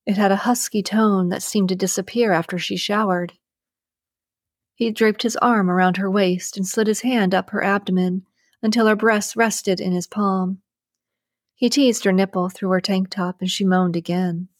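A woman reading a romance novel aloud as narrator, in a measured, even storytelling delivery. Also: medium pitch, dry recording, clean studio sound. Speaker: audiobook narrator.

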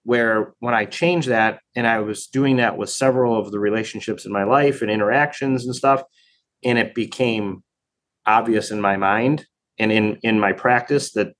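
A man talking in a relaxed interview as a training program director, thoughtful and full of fillers and restarts. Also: on the low side, a little slow. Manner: reflective, many fillers and restarts. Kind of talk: casual conversation.

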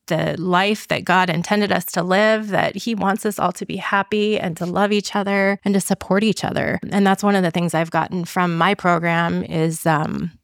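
Earnest, candid middle-aged woman, lowish voice. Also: steady tone, moderate pace, gravelly, few pauses, dry recording, studio quality. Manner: candid, earnest, heavy use of "you know". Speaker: podcast guest. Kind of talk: casual podcast interview.

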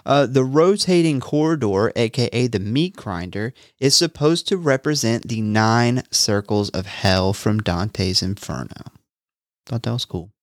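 A man's voice: mid-range voice, expressive, a little slow, no echo, clean studio sound. A man co-hosting a casual podcast, recapping a movie and reading trivia in a laid-back way with frequent laughs. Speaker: podcast co-host.

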